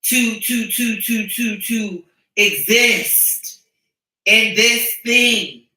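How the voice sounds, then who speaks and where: A man gives an emotional, earnest, spiritual personal testimony, frequently stumbling, restarting, and repeating himself. His voice is high, bright, and forceful, recorded from a distant mic in an echoey room.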